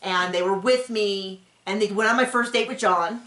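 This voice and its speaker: A woman hosting a casual reaction show. She talks in an animated, sarcastic way and often mimics people. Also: medium pitch, moderate pace. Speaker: podcast host recapping a reality show. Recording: roomy home room.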